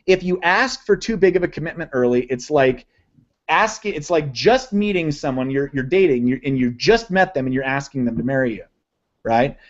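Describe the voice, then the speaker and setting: A man's voice: a little high, lo-fi sound. A man presenting a live online lesson on sales copywriting, enthusiastic and conversational, often checking in with his listeners. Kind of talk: live online teaching session.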